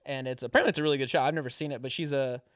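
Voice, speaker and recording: A man's voice: mid-range voice, steady tone, racing, fairly bright tone, no room sound, studio quality. A young man, a comedian hosting a podcast, telling rambling, profane stories and acting out the voices in them. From rural Western US, grew up rodeoing. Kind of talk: casual storytelling chat.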